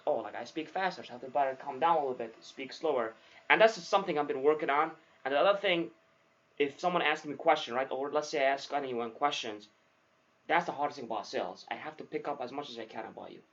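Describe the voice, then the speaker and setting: A young man co-hosting a podcast as a new salesman, chatting casually, swearing often and saying "dude" a lot. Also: medium pitch. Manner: swears freely, says dude often, animated storytelling. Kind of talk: casual chat. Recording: dull lo-fi sound.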